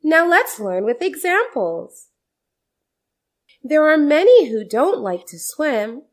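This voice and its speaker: A woman teaching a scripted grammar lesson, explaining slowly and deliberately, with many repeated example sentences. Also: sits high, very animated.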